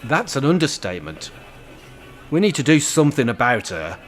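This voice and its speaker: A man's voice: mid-range voice, very animated, moderate pace, faint music behind. Grumpy, sarcastic man. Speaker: cantankerous old pensioner character. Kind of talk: comedy sketch acting.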